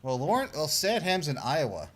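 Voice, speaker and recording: A man calling in over a radio link, chatting casually with lots of hesitant fillers and gentle teasing. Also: on the high side, very animated, normal speed, a little hiss or hum. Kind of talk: casual chat.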